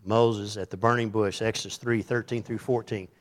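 A man's voice: on the low side, steady tone, normal speed. A man preaching a sermon in a conversational way, reading scripture aloud and acting out the voices in it. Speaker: pastor.

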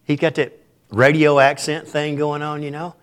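A man, preaching an informal, folksy sermon in a church with a lively, self-described hyper delivery. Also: a little high, normal speed, clean tone. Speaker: pastor.

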